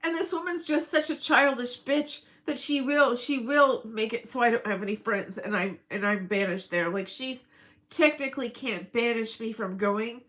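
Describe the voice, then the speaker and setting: A woman's voice: fairly high pitch, fairly bright tone, poor audio. A middle-aged woman rambling through a casual personal vlog, emotional and breaking into laughs. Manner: rambling, emotional, laughs often mid-sentence. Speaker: vlogger.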